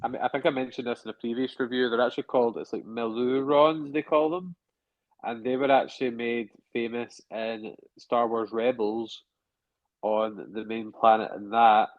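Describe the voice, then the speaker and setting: A man's voice: medium pitch, steady tone, normal speed, dry recording. A man co-hosting a casual review podcast, chatty and hedging as he thinks aloud. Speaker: podcast co-host. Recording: dull lo-fi dry sound.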